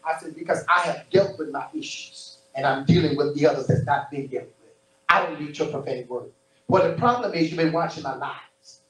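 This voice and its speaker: Man, preacher, high voice, animated repetitive sermon, roomy hall, distant mic. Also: fairly quick. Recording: roomy distant church recording.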